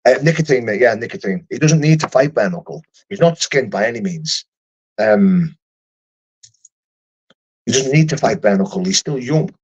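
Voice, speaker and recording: A man's voice: medium pitch, lively intonation, moderate pace, pauses often, a little mellow, slightly rough. A young man who fights for a living, chatting casually on a livestream and answering viewer comments in a rambling, profane way with lots of restarts. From United Kingdom.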